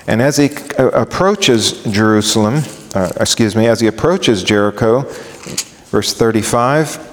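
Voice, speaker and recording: A man preaching a sermon, animated and acting out scenes in different voices. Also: fairly low pitch, measured pace. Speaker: pastor. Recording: long reverb of a large hall.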